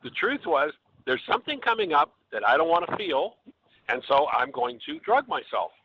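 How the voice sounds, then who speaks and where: A man hosting a radio call-in show, calmly coaching a caller through his feelings. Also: on the high side, normal speed. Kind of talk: calm guiding talk on a call-in show. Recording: slightly dull audio with faint hiss.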